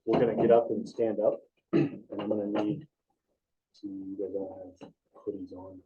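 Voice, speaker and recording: A man's voice: low voice, fairly even intonation, normal speed. A man teaching an EMT class in an informal, casual way, often asking the students questions. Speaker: EMT instructor. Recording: dull distant room recording.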